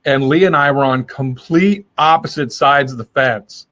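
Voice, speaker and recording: A man's voice: mid-range voice, moderate pace, fairly bright tone, highs cut off. A man hosting his daily live stream, giving a casual motivational talk in a friendly, rambling way with many fillers and restarts. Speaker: host of a daily live video.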